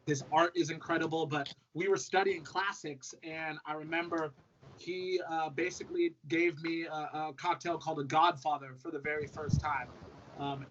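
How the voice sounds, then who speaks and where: A man in his thirties, a brand ambassador guest, talking in a relaxed, upbeat way with lots of fillers. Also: fairly high pitch. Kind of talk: casual conversational storytelling. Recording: dull lo-fi audio with faint noise.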